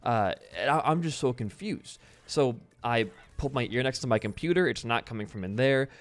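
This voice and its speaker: A man's voice: mid-range voice, animated, normal speed. A young adult man talking through a video game while telling a story, in a chatty, rambling way with casual swearing. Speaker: gaming video host. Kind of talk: casual let's-play commentary mixed with storytelling.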